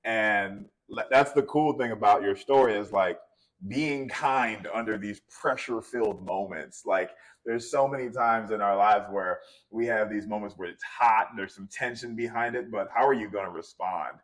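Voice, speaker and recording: Low-voiced man, laughing podcast co-host. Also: moderate pace, a bit bright, rough recording. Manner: laughs often, earnest and reflective. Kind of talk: casual chat.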